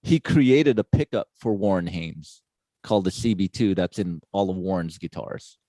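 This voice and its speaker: A man hosting a casual chat, reacting briefly and telling his own story in a relaxed way. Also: low voice, no room sound. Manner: relaxed, laid-back chatter with quick reactions. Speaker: podcast host.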